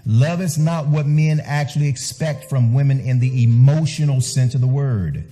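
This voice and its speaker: A male pastor delivering a sermon with emphasis, driving points home by repeating words. His voice has a mellow, warm tone. Soft music plays faintly behind him. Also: mid-range voice, moderate pace. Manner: emphatic, repeats phrases for stress.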